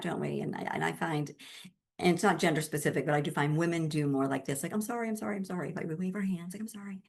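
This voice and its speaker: A woman grief support specialist answering interview questions in an emphatic, gentle, conversational way. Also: lowish voice, creaky.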